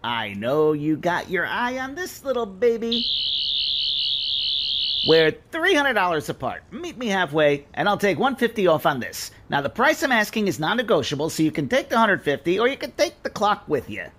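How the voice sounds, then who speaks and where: A man's voice: high-pitched, big pitch swings, normal speed, noisy background. A man with a Queens accent playing a wisecracking pawnshop owner who haggles hard. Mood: haggling. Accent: New York, Queens. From Queens, New York. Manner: wisecracking, bargaining.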